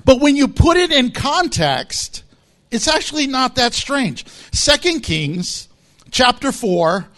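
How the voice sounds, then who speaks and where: Animated high-voiced male preacher. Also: slow pace. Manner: animated preaching with acted-out quotes and laughter. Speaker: pastor. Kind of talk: sermon.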